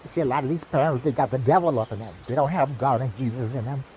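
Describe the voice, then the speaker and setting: A man's voice: mid-range voice, fast talker, darkish tone, a little hiss or hum, low-quality recording. A man delivering an impassioned, profane monologue, lecturing like a teacher and repeating "you know what I mean". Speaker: self-styled teacher vlogger.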